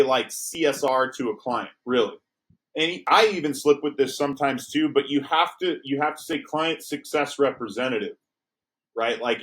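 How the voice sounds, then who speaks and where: A man's voice: mid-range voice, a bit bright, low-quality recording. A man giving a staff training talk as a corporate trainer, coaching and acting out sample client exchanges, checking in with "okay?" and "right?".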